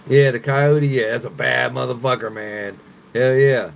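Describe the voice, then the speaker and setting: A man's voice: medium pitch, steady tone, unhurried, gravelly. An American man hosting a livestream, ranting angrily and profanely while reading chat. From United States. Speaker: livestream host. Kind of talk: live-stream rant reading chat.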